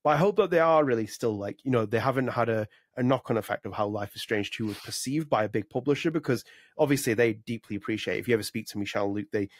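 A man talks quickly and rambles through a casual podcast chat, full of likes and ums. His voice sits at an ordinary pitch. The recording is close and dry. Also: no room sound. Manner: rapid, rambling with many fillers. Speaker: podcast co-host.

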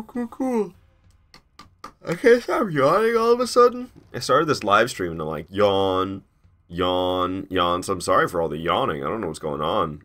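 A man's voice: sits low, bright, forceful tone. A man chatting casually on a live stream while playing a game, rambling, laughing at himself and swearing freely. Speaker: gaming streamer. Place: his garage.

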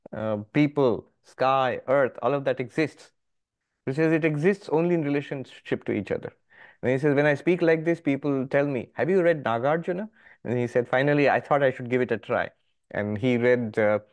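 A middle-aged man, a monk, lectures on philosophy to a class. He works through each idea step by step, leaning on key words with lively emphasis and a mid-range voice. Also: medium pitch. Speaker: monk teaching a scripture class.

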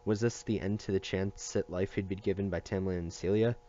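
A man reading a novel aloud, steady with the odd slip and restart. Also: sits low, fairly quick, highs cut off. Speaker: reader.

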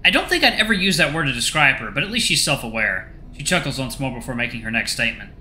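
A man reading a visual novel aloud as host of a gaming channel, narrating in an animated, expressive way. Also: mid-range voice, quick pace, reverberant, a little hiss or hum.

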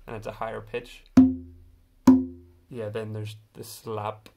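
A man's voice: fairly low pitch, creaky. A man hosting a casual vlog, explaining an instrument hesitantly with many fillers. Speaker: video host. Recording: faint background noise.

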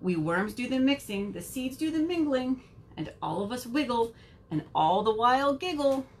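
A woman's voice: a little high, expressive, normal speed, slight background noise. A woman voicing a cheerful, squirmy worm storyteller in a picture book read-aloud, with a bouncy, chummy manner. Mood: playful.

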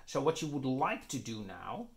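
Man, physics lecturer, step-by-step explaining, medium pitch, frequent "right?" check-ins. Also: big pitch swings, moderate pace, gravelly. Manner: checks in often with "right?" and "okay?". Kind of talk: explaining at a whiteboard.

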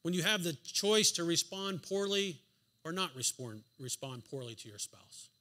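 A man preaches a sermon in a church sanctuary, driving home his points with emphatic rhetorical questions and the odd dry, sarcastic aside. His voice is on the high side, animated, pushed and bright, at normal speed.

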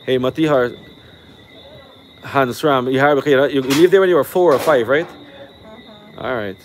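Brash man giving live shout-outs. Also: medium pitch, unhurried, a little hiss or hum. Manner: animated, brash, ranting at critics. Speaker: live-stream host. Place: rooftop cookout outdoors.

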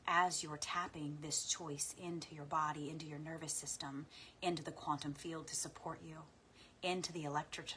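A woman coach guiding listeners through a slow, soft meditation and spoken affirmations. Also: low-pitched, slight background noise. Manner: laughs into her words when playful. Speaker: spiritual coach. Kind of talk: guided meditation and affirmation practice. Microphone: talking to camera.

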